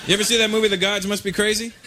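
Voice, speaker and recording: A man from Canada performing a stand-up comedy routine, telling stories in an animated, punchy way with frequent asides. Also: high-pitched, rapid-fire. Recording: loud noise, live club with crowd laughter.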